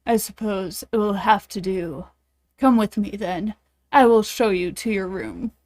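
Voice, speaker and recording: A woman's voice: medium pitch, lively intonation, unhurried, a little mellow, natural voice. A woman voicing a stern, disapproving older male professor in a game let's play, speaking formally and stiffly. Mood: disdainful.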